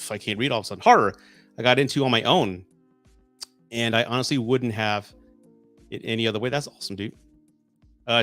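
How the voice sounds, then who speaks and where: A man in his forties hosting a casual live stream, chatting excitedly and getting emotional when viewers send gifts. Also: medium pitch, no room sound. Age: 40s.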